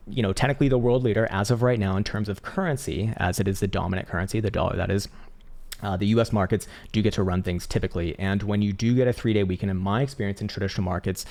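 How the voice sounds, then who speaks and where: A man with a low, gravelly voice walking through market charts in a loose, rambling way. He fills pauses with ums and uhs and drops the odd swear word as he talks through the numbers. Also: a little mellow. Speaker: crypto market analyst host. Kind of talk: casual chart analysis commentary.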